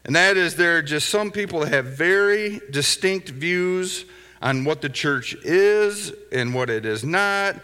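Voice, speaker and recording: In a church sanctuary full of long hall reverb, a middle-aged pastor delivers a conversational sermon, weaving in anecdotes and chuckling asides. His fairly high voice is expressive, a little slow, pushed and bright, clear and resonant.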